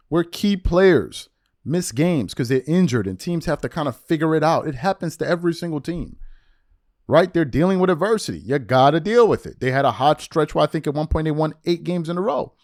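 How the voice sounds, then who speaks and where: Man, high voice, heated sports commentary rant, blunt and repetitive, dry sound. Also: no echo. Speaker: commentary host.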